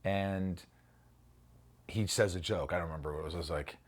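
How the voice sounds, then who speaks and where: A middle-aged man with a slightly low voice recalls his acting days in a casual interview. He talks animatedly, swears freely and slips into acting out lines as he goes. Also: fairly quick. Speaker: actor being interviewed.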